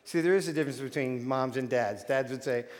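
A man's voice: mid-range voice, fairly quick. A man preaching a sermon as a pastor, telling stories animatedly with frequent restarts. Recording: long hall reverb.

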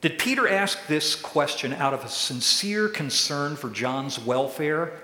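A pastor preaching a sermon, who acts out quoted questions in a raised voice. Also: male voice, fairly high pitch, animated, measured pace, bright, forceful tone. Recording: echoey hall with long reverb.

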